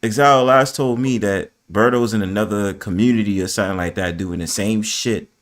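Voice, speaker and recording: A man's voice: lowish voice, brisk. A man chatting casually on a livestream panel, laid-back and profane, laughing easily. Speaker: panel guest.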